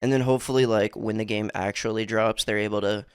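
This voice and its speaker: A man's voice: on the low side, fairly even intonation, fast, clean tone, dry recording. Man, podcast co-host, casual rambling, swears a lot, dry close mic. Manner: rambling, filler-heavy, swears. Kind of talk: casual chat.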